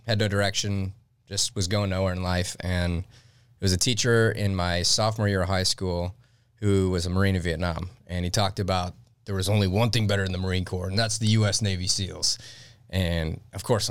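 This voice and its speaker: A man's voice: deep voice, clear, resonant tone, no room sound. A man in his forties from Detroit, a podcast guest telling his story earnestly. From Detroit, USA. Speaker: podcast guest, former Navy SEAL. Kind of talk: casual interview storytelling.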